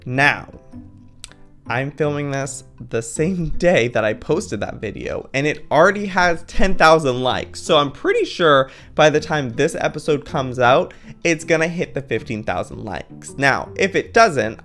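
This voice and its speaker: A man's voice: fairly high pitch, animated, a little slow, a bit bright, soft background music. A man hosting a gaming video, chatting to viewers in a playful, dramatic way as he plays. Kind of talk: Minecraft let's-play commentary.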